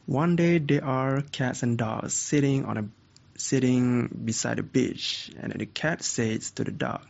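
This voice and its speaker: A man casually teaching speaking tips, animated and repetitive, often restarting his sentences. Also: medium pitch, a little slow, gravelly, lo-fi sound. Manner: animated, repetitive, self-correcting. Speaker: speaking coach.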